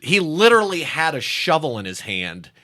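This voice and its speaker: A comedian telling animated stories in a casual interview, acting out quotes loudly and laughing through them. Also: male voice, a little high, normal speed. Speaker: comedian guest.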